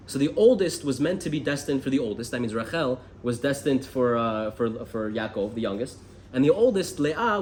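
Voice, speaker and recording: An American man teaching a lively Torah class, asking the room questions as he goes. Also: mid-range voice, slight background noise. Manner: animated, asks the room questions. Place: classroom with a group.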